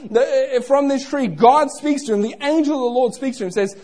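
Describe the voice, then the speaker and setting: Young male preacher, husky voice with a very lively pitch, playful and chatty with his congregation. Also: moderate pace, hardly any pauses. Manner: playful, interactive, asks the crowd questions. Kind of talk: sermon.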